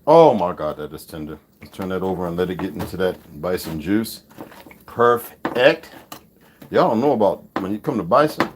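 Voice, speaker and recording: Over a noisy background, a low-voiced man cooks in his kitchen while live streaming, talking easily with his audience and murmuring to himself. His pace is moderate.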